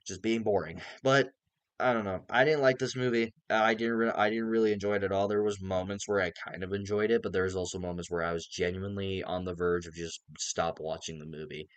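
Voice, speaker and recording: A man's voice: sits low, steady tone, fairly quick, clean tone, dry recording. A young man giving a casual, exasperated movie review, swearing heavily as he rants. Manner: exasperated ranting, heavy swearing. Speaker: film reviewer.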